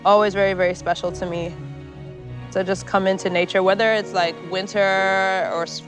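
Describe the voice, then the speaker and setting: A person speaking calmly and thoughtfully in a documentary interview about time spent in nature. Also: medium pitch, moderate pace. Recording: music playing underneath.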